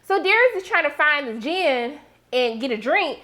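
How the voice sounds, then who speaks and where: A young woman, giving a sassy, animated recap of a TV episode and acting out her reactions. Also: high voice, moderate pace. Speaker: TV recap host. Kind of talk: casual recap commentary.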